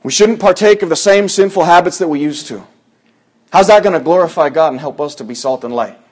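A man preaching a conversational sermon to a congregation, acting out quoted voices in sudden loud bursts. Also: fairly high pitch, a little fast.

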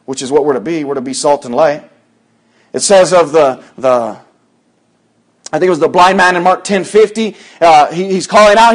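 Preacher, man, high-pitched, conversational sermon with sudden loud acted-out lines. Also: moderate pace.

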